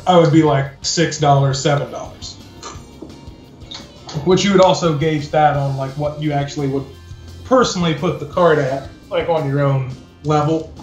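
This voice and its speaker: A man's voice: fairly high pitch, steady tone, moderate pace, darkish tone, muffled recording. A young man rambling casually in a laid-back way, full of fillers. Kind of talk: casual chat. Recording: roomy echo, game music.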